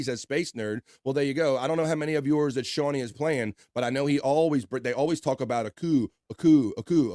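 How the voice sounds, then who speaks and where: Male stream host reading chat aloud, relaxed and jokey, mid-pitched, dry close mic. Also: dry recording. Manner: laid-back, chatty, laughs often, reads chat aloud. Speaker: livestream host. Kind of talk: casual chat reading viewer comments.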